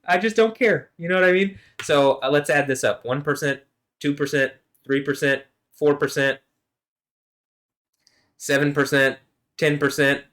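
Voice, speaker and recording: A man rambling through a casual solo vlog monologue, swearing often and trailing off into mumbles between louder bursts. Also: mid-range voice. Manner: rambling, profane, swings between mumbling and loud laughing. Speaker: vlogger.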